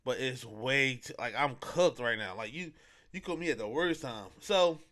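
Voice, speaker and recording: Bright-voiced young man telling a story. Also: medium pitch, normal speed. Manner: slangy, rambling, with many fillers. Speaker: podcast host. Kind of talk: casual storytelling.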